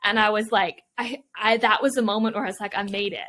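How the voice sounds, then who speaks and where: A woman's voice: a little high, steady tone, quick pace, fairly bright tone. Reflective, emotional woman telling her story. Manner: emotional, reflective, many fillers. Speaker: Olympian guest. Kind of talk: interview storytelling.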